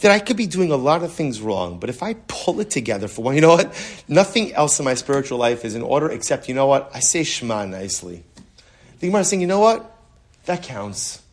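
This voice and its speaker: A man's voice: mid-range voice, very animated, brisk. A man, a rabbi, giving a casual Talmud lesson in a conversational way, often repeating words as he restarts a sentence and answering students. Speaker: rabbi teaching a Talmud class.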